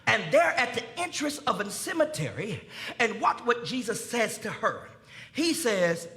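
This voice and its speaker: A pastor, preaching a sermon in a folksy style, speaking to his congregation and building to shouts. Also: very high voice, big pitch swings, unhurried. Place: church sanctuary.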